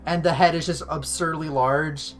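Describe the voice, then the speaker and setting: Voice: medium pitch, fairly even intonation, moderate pace, over music. A game master narrating a tabletop game, rambling and full of fillers.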